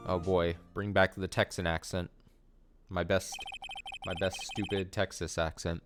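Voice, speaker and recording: A man's voice: low voice, level tone, measured pace, over music. A man hosting a let's play, reading game text aloud with wry, joking asides. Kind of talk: casual let's play commentary.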